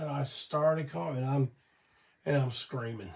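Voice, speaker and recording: Gravelly older man, weak voice. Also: mid-range voice, measured pace, darkish tone, distant mic. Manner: rambling, folksy, swears casually. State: weak voice from illness and cough syrup. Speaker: host of a weekly live show. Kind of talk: casual storytelling on a livestream.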